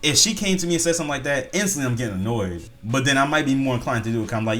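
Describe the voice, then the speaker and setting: A man rants through casual reaction commentary, his pitch leaping up and down as he rambles. He is blunt and swears freely. Faint music plays underneath. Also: lively intonation, very fast, fairly bright tone. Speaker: reaction video host.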